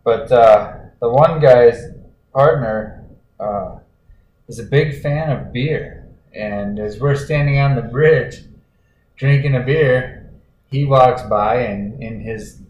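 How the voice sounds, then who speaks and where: A man co-hosting a casual chat, talking in a relaxed, rambling way with fillers. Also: medium pitch, takes it slowly. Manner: laid-back, rambling with fillers. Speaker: podcast co-host. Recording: roomy echo, faint noise.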